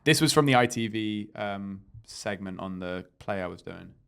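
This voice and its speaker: A man's voice: lowish voice, normal speed, vocal fry, clear, resonant tone. A young man co-hosting a podcast, telling a story in a rambling, hesitant way with fillers. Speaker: podcast co-host. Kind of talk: casual storytelling chat.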